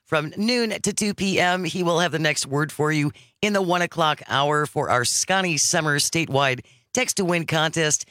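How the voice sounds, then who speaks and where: A man's voice: a little high, normal speed, few pauses, sharp tone, dry recording, studio quality. A man hosting a talk radio show, chatting casually with his co-host and wrapping up with station promos. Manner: upbeat, wraps up with station promos. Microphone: studio microphone.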